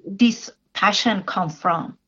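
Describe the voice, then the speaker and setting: A woman interviewing a guest for radio, asking questions in a measured, attentive way. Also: mid-range voice, fairly bright tone, slightly rough. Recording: dull lo-fi sound.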